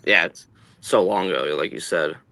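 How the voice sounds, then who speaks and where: Low-voiced man asking rambling questions. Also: normal speed, pushed and bright. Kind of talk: casual interview chat.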